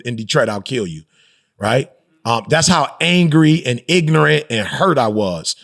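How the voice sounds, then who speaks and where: A man's voice: medium pitch, creaky, a bit bright. A middle-aged man, a motivational speaker and pastor, talking candidly as a podcast guest in a reflective, emphatic way with slangy asides. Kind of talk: candid conversational interview.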